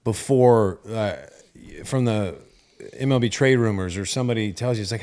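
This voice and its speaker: A man in his thirties with an American accent chats on a sports podcast in a measured, halting way. His voice sits a little low, and he fills gaps with "uh" and "you know". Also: darkish tone. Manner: measured, halting, with many fillers. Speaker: podcast co-host, former player. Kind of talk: casual sports chat.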